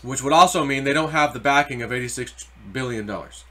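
A man's voice: mid-range voice, brisk, bright, forceful tone. A middle-aged man giving casual, rambling crypto market commentary with anecdotes and spiritual asides. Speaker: crypto YouTuber.

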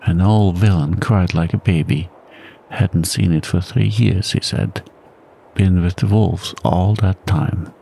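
Calm, deep, soft-spoken male storyteller. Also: takes it slowly, vocal fry. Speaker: narrator. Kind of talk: soft-spoken ASMR bedtime story reading. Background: blizzard wind sound.

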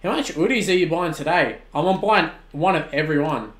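An Australian man in his twenties streaming a football video game, shouting at the plays and then chatting casually with viewers. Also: a little high, fairly quick, reverberant. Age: 20s. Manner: excitable, swings from shouting at the game to relaxed chat. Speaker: gaming streamer. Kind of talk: live-stream commentary and chat replies.

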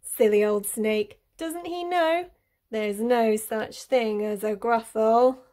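A woman's voice: fairly high pitch, slow pace, mellow. A woman voicing a boastful, clever little male mouse in a sing-song rhyming manner. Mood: cheeky.

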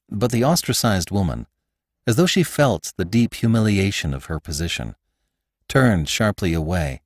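A man's voice: low voice, dry recording, studio quality. A man narrating a classic short story as the host of an audiobook podcast, telling it expressively. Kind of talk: scripted narration.

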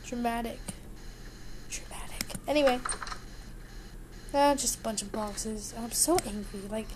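A woman's voice: fairly high pitch, unhurried, background noise. A young woman playing a horror game and chatting through it, playful, sarcastic and sing-songy. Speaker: gaming YouTuber. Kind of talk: horror game let's play commentary.

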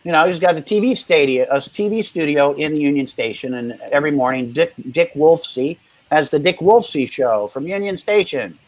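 A man's voice: a little high, lively intonation, darkish tone, no echo, rough recording. Rambling man telling juggling stories. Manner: rambling, halting anecdotes with quoted dialogue. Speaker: guest, street performer and juggler. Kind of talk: casual interview storytelling.

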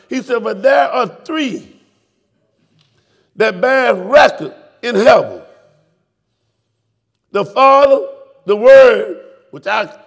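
A man preaching a fiery sermon in a church, shouting and calling out to his congregation. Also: high voice. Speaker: pastor. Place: church sanctuary.

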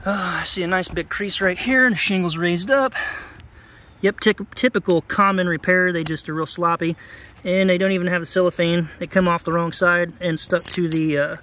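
A roofing contractor, talking viewers through a roof inspection outdoors in a chatty, sarcastic way. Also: male voice, sits high, steady tone, moderate pace, pushed and bright. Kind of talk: on-site roof inspection vlog.

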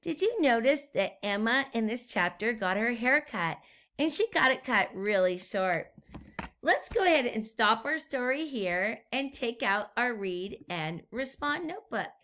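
Slow, bright-voiced woman reading to kids. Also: a little high, lively intonation. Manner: gentle, slow, questions to the listener. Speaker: teacher. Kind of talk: reading aloud to young children.

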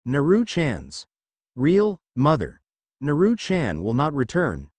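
A man reading the lines of a calm, cruel, possessive goddess, speaking coldly in his own voice. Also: on the high side, slow pace, no room sound, exaggerated voice. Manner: cold and calm.

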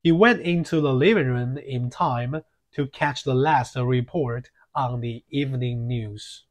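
A man narrating an audiobook in a measured reading, with occasional filler slips. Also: mid-range voice.

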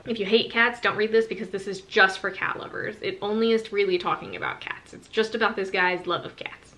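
A woman with a bright, clear voice talks through a book review in a casual, candid way. She sounds chatty and laughs easily. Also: medium pitch, brisk, few pauses.

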